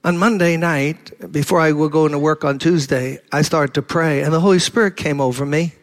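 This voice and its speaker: A man's voice: a little high, fairly even intonation, fairly quick. An older man preaching a sermon, telling a story animatedly, acting out the dialogue and rising to fervent intensity. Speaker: pastor.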